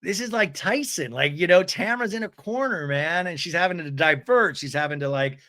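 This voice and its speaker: A man hosting a podcast, recapping a reality TV episode with animated, sarcastic, gossipy commentary. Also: high voice, fairly quick. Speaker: podcast host.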